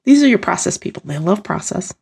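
A woman explains workplace types in easy conversation, with a gravelly fry in her voice. She is animated and acts out the people she describes, laughing as she goes. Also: fairly low pitch, quick pace. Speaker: guest speaker on team dynamics.

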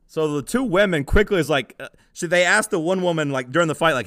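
A man's voice: a little high, animated, fast talker, a bit bright, dry recording, studio quality. A young man co-hosting a casual podcast, telling a rambling story and laughing easily. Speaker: podcast co-host.

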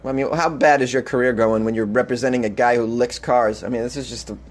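A man's voice: mid-range voice, steady tone, quick pace. A man hosting a comedic news podcast, reading odd stories aloud and mocking them with sarcastic asides and frequent laughs. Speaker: podcast host.

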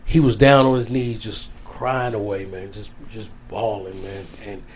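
A man's voice: lowish voice, flat delivery, measured pace, a little mellow, slight background noise. A man as an interview guest, telling a long personal story in a casual, rambling way, repeating his phrases. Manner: rambling, repeats phrases, folksy Southern-style speech.

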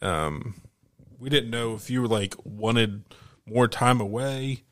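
A man's voice: mid-range voice, slow, fairly bright tone, dry recording, clean studio sound. A man co-hosting a podcast in casual chat, loose and laughing, swearing often. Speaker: podcast co-host.

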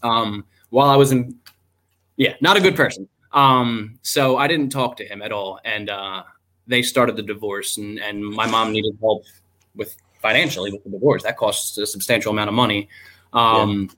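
A man's voice: on the low side, steady tone, moderate pace, bright, forceful tone. A young man, an army veteran, telling his story on a video call in a loose, candid way, with many ums and some swearing. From United States. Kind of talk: casual spoken storytelling.

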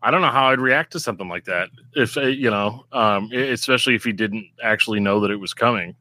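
A man co-hosting a podcast, with a bright, sharp-edged voice that is going from a cold. He stumbles and repeats words as he talks casually. The sound is dry and close. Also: on the low side, fast, no room sound. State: losing his voice from a cold. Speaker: podcast co-host. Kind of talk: casual chat.

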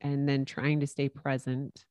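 A woman host with a very deep voice leads the interview. Her sound is dry and close, and her manner is gentle and affirming. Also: monotone, unhurried, no echo. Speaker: podcast host. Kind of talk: interview conversation.

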